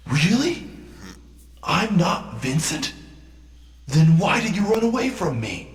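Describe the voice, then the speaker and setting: An actor playing a confused amnesiac male detective in a video game, with a stiff, halting delivery, heard as echoey game audio. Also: sits high, big pitch swings, breathy edge, full character voice.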